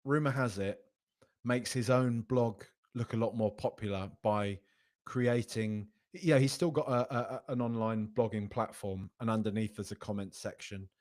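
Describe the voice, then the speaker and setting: A man's voice: fairly low pitch, moderate pace, darkish tone. A man hosting a casual football podcast stream, arguing emphatically and repeating phrases as he makes his points. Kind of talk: casual live-stream commentary reading chat.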